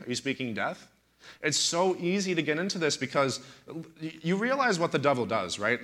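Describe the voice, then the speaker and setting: A man's voice: mid-range voice, pushed and bright. A man in his thirties, a pastor preaching in a talk-show setting, telling stories animatedly and with indignant emphasis.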